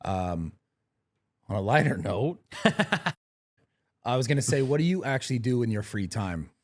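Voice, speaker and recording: Man, podcast host, casual interview, brief reactions, low-key. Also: lively intonation, moderate pace. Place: podcast studio.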